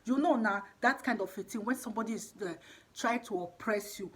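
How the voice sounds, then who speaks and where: A woman's voice: mid-range voice, a little fast, husky. A woman giving an impassioned, emphatic monologue, exhorting and repeating her points. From Nigeria. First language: Edo.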